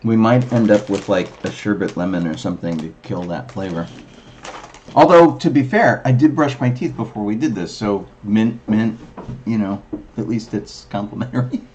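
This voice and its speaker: A woman co-hosting a livestream and chatting casually, wry and animated, often restarting her sentences. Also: very deep voice, normal speed, lo-fi sound, a little hiss or hum. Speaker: livestream co-host. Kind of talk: casual chat.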